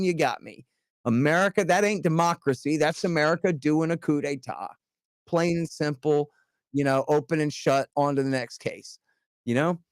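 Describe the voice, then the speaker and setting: A man in casual podcast chat as a guest author, talking in an animated, emphatic way with casual swearing. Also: on the high side, no echo, studio quality.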